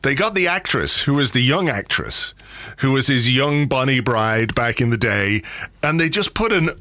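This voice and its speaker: Bright-voiced rambling podcast host. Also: male voice, medium pitch, very animated, moderate pace, dry recording. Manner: rambling, anecdotal, slips into silly impressions. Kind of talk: casual podcast chat.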